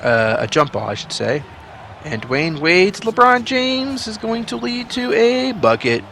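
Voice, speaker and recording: A man calling play-by-play over a basketball video game, excitable and jumping up in pitch on big plays, with chatty asides in between. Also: a little slow, vocal fry. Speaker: gaming channel host.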